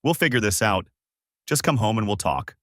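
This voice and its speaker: A man's voice: fairly low pitch, expressive, moderate pace, no room sound, studio quality. A man voicing a tense young woman who urgently reports what she sees, in an audiobook. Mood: firm. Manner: urgent, hushed play-by-play. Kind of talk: audiobook character voice.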